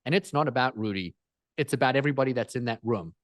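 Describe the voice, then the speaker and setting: A man speaking as a guest in an interview, energetic and emphatic, driving points home with repetition. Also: medium pitch, fast talker, no echo, clean studio sound. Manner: energetic, emphatic, repeats phrases for effect. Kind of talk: animated interview storytelling.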